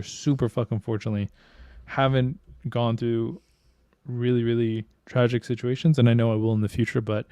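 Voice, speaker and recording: A man's voice: medium pitch, a little mellow, no echo, studio quality. A young man co-hosting a podcast, talking candidly and casually with lots of swearing and restarts. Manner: candid and profane, rambling with restarts. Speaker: podcast co-host. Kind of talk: casual chat.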